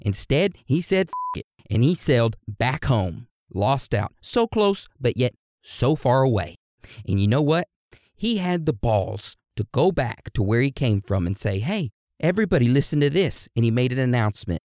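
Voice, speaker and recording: Profane, animated male podcast host. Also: medium pitch, normal speed, dry recording, clean studio sound. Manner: profane, joking, irreverent; addresses co-host like a teacher. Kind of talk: casual history storytelling.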